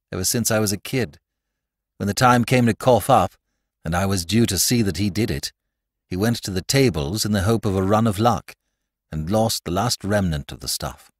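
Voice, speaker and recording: A man's voice: deep voice, no room sound. A worried young man in a fix, glum and agitated, voice rising when pressed, as a male narrator plays him. Recorded close and dry.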